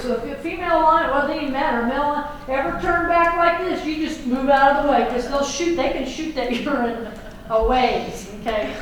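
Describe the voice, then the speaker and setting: Heard from far off in an echoey classroom, a woman teacher lectures in a folksy, chatty way, checking in with her students. Her voice sits high, and she speaks at a moderate pace with hardly any pauses, over a faint hiss or hum.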